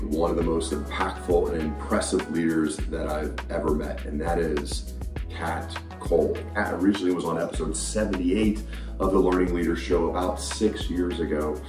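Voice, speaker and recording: A man's voice: low voice, roomy sound. A man vlogging upbeat to camera as a podcast host, enthusiastic about the day ahead. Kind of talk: vlog talking to camera.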